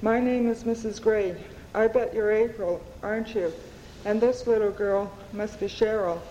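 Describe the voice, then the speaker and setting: Woman reading as a gentle social worker. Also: mid-range voice, fairly even intonation, moderate pace, big-room sound, highs cut off, a little hiss or hum, natural voice. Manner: soft, soothing. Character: gentle female social worker, kindly and calm.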